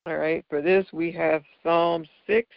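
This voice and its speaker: Slow, gravelly-voiced man teaching. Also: fairly high pitch, steady tone, dry recording. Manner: slow, patient, checks in with "right?". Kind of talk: explaining figures of speech in scripture. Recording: dull lo-fi dry recording.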